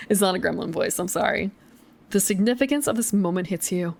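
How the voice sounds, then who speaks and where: A woman's voice: medium pitch, brisk, gravelly. Giggly young woman streamer reading aloud. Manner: chatty, giggly, self-deprecating asides. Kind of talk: casual streamed read-aloud of a gamebook.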